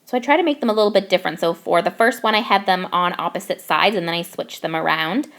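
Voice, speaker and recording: A woman's voice: fairly low pitch, fast talker, fairly bright tone. A young woman from Canada narrating her craft process in a bubbly, gushing way. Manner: bubbly, gushing over cute details. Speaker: craft YouTuber.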